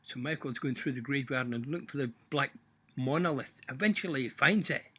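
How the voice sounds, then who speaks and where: A man's voice: mid-range voice, a little fast, fairly bright tone, breathy edge. A half Irish, half Scottish man casually telling a joke, swearing and folksy. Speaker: joke teller. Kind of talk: casual storytelling.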